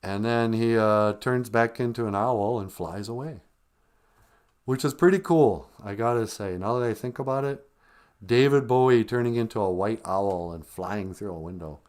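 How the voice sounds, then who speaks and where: Rambling, low-voiced male streamer. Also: moderate pace, a little mellow. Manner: rambling, joking storyteller. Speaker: live stream host. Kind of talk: casual film recap.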